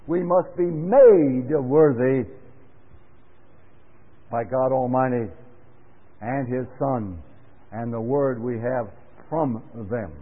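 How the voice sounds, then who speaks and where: Male Bible class speaker, sermon style, measured and emphatic, mid-pitched, tinny old recording with long hall reverb. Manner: earnest, deliberate, with emphatic rises on key words.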